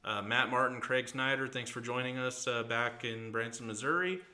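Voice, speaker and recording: A man's voice: mid-range voice, moderate pace, bright, forceful tone. A man hosting a casual podcast, chatting and telling rambling stories with easy laughter. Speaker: podcast host. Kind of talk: casual chat.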